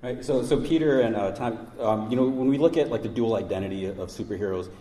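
Male moderator, halting questions, warm low tone, long hall reverb. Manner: halting, repeats words. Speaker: panel moderator. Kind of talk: asking questions on a panel.

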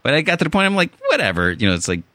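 A man's voice: a little high, very animated, racing, bright, forceful tone, no room sound. A man with a Chicago accent, hosting a casual podcast chat and rambling through restarts and fillers. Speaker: podcast host.

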